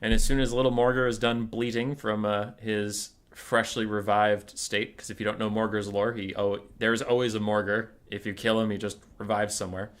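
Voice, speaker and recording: A man's voice: lowish voice, level tone, moderate pace, hardly any pauses. A man casually commenting on a strategy game and telling a silly story, wry and easily distracted. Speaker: gaming streamer.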